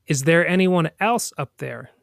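A man's voice: a little high, slow, creaky, no room sound, clean studio sound. A man voicing a frightened male tourist who pleads desperately for help while hanging from a cliff.

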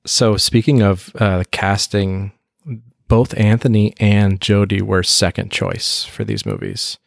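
Low-voiced eager male podcast host. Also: expressive, slow pace, vocal fry, no room sound, studio quality. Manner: eager, chatty. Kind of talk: casual chat.

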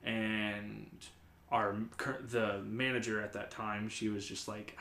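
A man's voice: on the low side, slow pace, echoey room. A man hosting a podcast, telling a story in casual chat, rambling with lots of "like" fillers. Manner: rambling, many "like" fillers, animated retelling. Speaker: podcast host.

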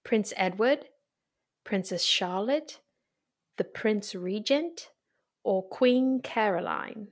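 Woman host, mid-pitched, playful and chatty, reading a quiz. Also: animated, slow pace, long pauses. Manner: chatty, playful, laughs often. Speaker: podcast host. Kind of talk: casual chat, reading quiz questions.

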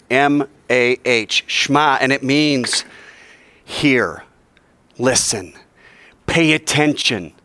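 A male teacher leads his class in call-and-response, coaxing the group to repeat after him. His voice sits at an ordinary middle pitch, and his delivery is lively and urging as he drills each line. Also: slow, long pauses, no echo.

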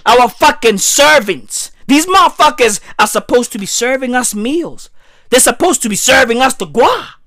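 A woman, delivering a profane comic rant full of "bruv" and "right?", her voice swinging high and low. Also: animated, normal speed, fairly bright tone, no room sound, studio quality. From South Africa.

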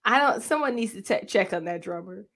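A woman's voice: mid-range voice, expressive, a little fast, fairly bright tone. A woman co-hosting a casual show, giving wry, opinionated reactions to church videos. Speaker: co-host.

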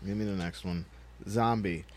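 A man's voice: low voice, steady tone, normal speed, background noise. A man co-hosting a casual podcast, reading old movie blurbs aloud in a mock-dramatic trailer style and breaking into laughs. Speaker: podcast co-host.

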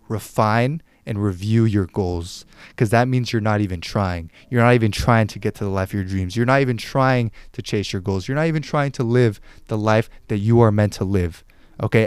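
A man's voice: medium pitch, darkish tone, smooth, no echo, clean studio sound. A man hosting a motivational podcast, urging listeners on with intense exhortation and frequent swearing. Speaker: podcast host.

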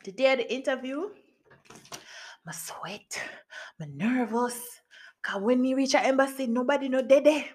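A podcast host with a Jamaican accent tells a personal story in a lively, casual way, slipping into patois and laughing often. Her voice sits high, moving at normal speed with frequent pauses, and there's a little hiss or hum.

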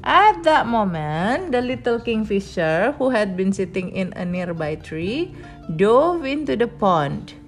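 A woman reading a children's story aloud to a little listener, slow and expressive, stopping to explain. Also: medium pitch, soft background music. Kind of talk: children's story read-aloud with asides in Indonesian.

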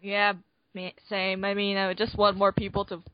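A woman's voice: mid-range voice, monotone, normal speed, clean tone, muffled recording. A woman co-hosting a casual movie podcast, rambling with many restarts. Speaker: podcast co-host.

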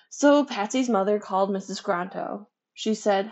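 A woman reading a children's book chapter aloud, with lively, expressive delivery. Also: lowish voice, normal speed, vocal fry, hardly any pauses, muffled recording. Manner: expressive, animated. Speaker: storybook reader. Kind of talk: children's story read-aloud.

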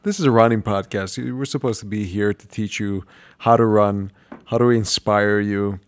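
A man's voice: lowish voice, fairly even intonation, normal speed, no room sound. A man co-hosting a podcast, rambling and self-mocking in a casual chat. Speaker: podcast co-host and restaurant owner.

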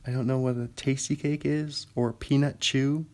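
A young man from Washington state hosts a laid-back solo podcast. He rambles at a middling pitch, chatty and quick to laugh at his own asides. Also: fairly even intonation, darkish tone. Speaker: podcast host. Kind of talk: casual solo chat.

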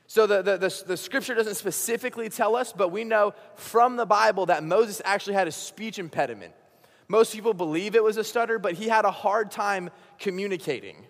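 Young man, youth pastor, casual lively storytelling sermon, high voice, long church-hall reverb. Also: brisk. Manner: casual, animated storytelling with acted-out dialogue.

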